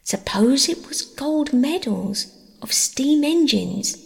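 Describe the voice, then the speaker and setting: A woman voicing a thoughtful, grown-up-minded older girl in a storybook reading, earnest in manner, with a gravelly tone and long reverb. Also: sits high, lively intonation, slow, voice pushed up, full character voice.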